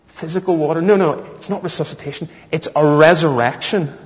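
A man's voice: fairly high pitch, fast. A man preaching a sermon, mixing Bible reading with humorous personal stories. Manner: storytelling with self-deprecating humor. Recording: muffled, echoey hall.

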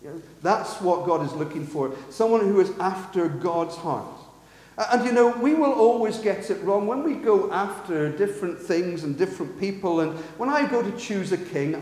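A man's voice: high-pitched, a little mellow. A man preaching a sermon in earnest, asking the congregation rhetorical questions in a church hall. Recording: echoey, long hall reverb.

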